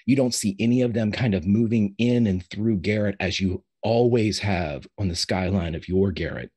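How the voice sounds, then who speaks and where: Husky low-voiced guy narrating a tabletop game, loose and descriptive. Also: normal speed, a little mellow. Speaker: game master.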